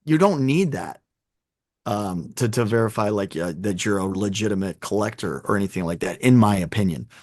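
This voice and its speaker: A man chatting as a podcast guest, telling animated stories and acting out both sides of conversations. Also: on the low side, normal speed, no room sound, studio quality. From Chicago. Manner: animated storyteller, acts out dialogue. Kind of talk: casual podcast chat. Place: home room with sneaker collection.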